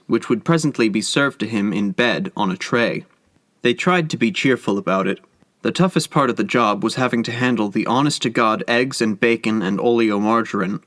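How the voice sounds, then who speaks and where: A man giving scripted narration of a short story in a measured storytelling manner. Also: mid-range voice, fairly bright tone, dry recording, studio quality. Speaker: audiobook narrator.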